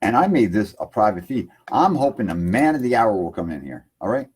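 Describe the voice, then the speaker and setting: A man's voice: fairly low pitch, very animated, a little fast, a little mellow, breathy edge. A man hosting an internet radio livestream, rambling loosely in casual chat from his home computer setup and filling lines with "man".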